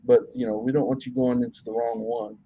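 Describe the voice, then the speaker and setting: A man, a Muslim preacher, answering questions in a casual conversation, earnest and measured with frequent restarts. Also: mid-range voice, level tone, mellow, a little hiss or hum, rough recording.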